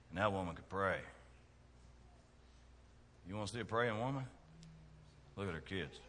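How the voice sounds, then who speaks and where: A middle-aged man, preaching a sermon in a church with folksy jokes and big swings in loudness. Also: on the low side, in a large hall, slight background noise. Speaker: pastor. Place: church sanctuary.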